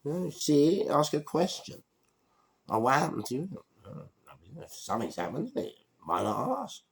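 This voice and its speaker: A man in his sixties with a London accent, telling a street story in a slangy, animated way. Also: fairly high pitch, moderate pace. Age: 60s. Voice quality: gravelly. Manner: animated, slangy, acts out voices. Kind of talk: storytelling monologue.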